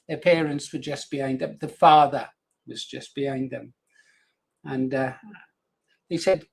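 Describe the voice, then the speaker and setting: A man's voice: on the high side, flat delivery, normal speed, vocal fry. An older man presenting a radio show, chatting in a rambling, anecdotal way with frequent chuckles. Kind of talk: casual radio chat.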